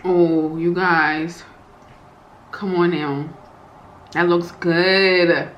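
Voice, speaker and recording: A woman vlogging as she eats, savoring her food in slow, drawn-out casual talk, stretching and repeating words and calling her viewers y'all and you guys. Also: lowish voice, fairly even intonation, muffled recording. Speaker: mukbang vlogger. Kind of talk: casual eating vlog chat. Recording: echoey room with faint ambient noise.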